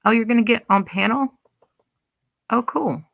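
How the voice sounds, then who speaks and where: A woman's voice: fairly high pitch, normal speed, gravelly, no echo, highs cut off. A woman hosting a livestream, chatting casually and rambling as she reads and answers live comments. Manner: rambling, chatty, many restarts. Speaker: livestream host.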